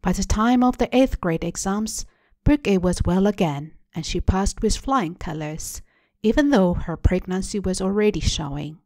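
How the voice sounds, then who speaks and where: A woman hosting a storytelling show, reading a translated short story aloud in a measured, deliberate way. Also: medium pitch, expressive, a little mellow, dry recording. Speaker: story reader. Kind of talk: literary reading.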